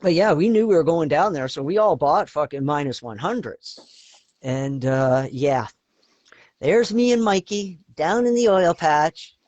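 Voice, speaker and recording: A man's voice: a little high, a little slow, darkish tone, no room sound, highs cut off. A Canadian man from Eastern Canada co-hosting a podcast, telling rambling stories in casual chat and swearing constantly. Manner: profane, rambling storytelling with frequent swearing. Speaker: podcast co-host.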